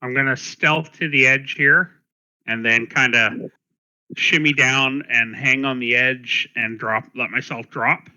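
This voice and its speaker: A man's voice: medium pitch, fairly even intonation, a little slow, bright, forceful tone, low-quality recording. A man playing a tabletop game, casually describing what his character does and sees. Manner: casual, laughs easily, drops into his character's voice. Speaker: player. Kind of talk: tabletop game play over voice chat.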